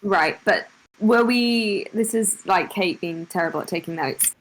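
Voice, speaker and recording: Hesitant woman player, mid pitch, chatty and unsure. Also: a little slow, a little hiss or hum, rough recording. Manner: hesitant, thinking aloud with fillers. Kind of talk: casual chat at a game table.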